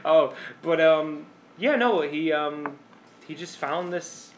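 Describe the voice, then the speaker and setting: Male podcast co-host, slightly high voice, giggly and rambling, faint hiss in the background. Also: takes it slowly. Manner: laughs often, rambling with fillers. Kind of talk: casual chat.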